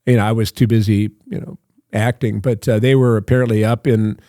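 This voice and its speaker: A man's voice: fairly low pitch, steady tone, a little fast, dark tone, no room sound, studio quality. An older man, a guest actor in an interview, telling long anecdotes in a loose, self-interrupting way. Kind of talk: casual storytelling interview.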